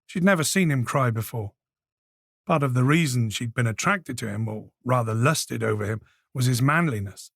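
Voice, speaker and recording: A man reading a crime thriller audiobook with measured, scripted narration. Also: mid-range voice, expressive, vocal fry, a bit bright, dry recording, studio quality. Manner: measured storytelling.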